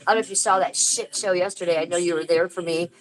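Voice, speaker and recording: A woman's voice: on the low side, fairly even intonation, quick pace, rough recording. A woman chatting casually to viewers on a livestream from home over a phone, rambling through a complaint and greeting people by name. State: aching tooth. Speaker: livestream host.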